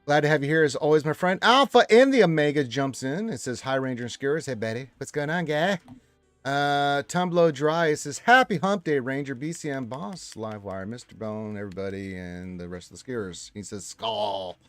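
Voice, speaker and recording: A man hosting a casual livestream, reading viewers' chat messages aloud with lively swings in pitch and loudness. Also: normal speed, dry recording.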